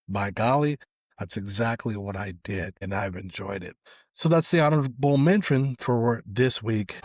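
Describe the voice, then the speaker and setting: A middle-aged man hosting a solo podcast, giving casual, opinionated commentary on social media posts. His voice often drops away quietly at the end of phrases. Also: lowish voice, no room sound, studio quality. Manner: conversational, opinionated, trails off quietly at phrase ends. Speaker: podcast host.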